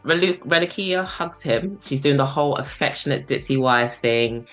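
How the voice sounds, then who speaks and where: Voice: medium pitch, moderate pace, fairly bright tone, faint music behind. A podcast host casually retelling a book's plot, acting out the characters' lines along the way. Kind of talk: casual book discussion.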